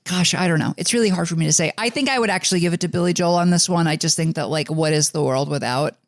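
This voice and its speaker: A man's voice: a little high, fast, dry recording, clean studio sound. A man from the New York suburbs co-hosting a music podcast in a rambling casual chat, full of fillers and restarts. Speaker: podcast co-host.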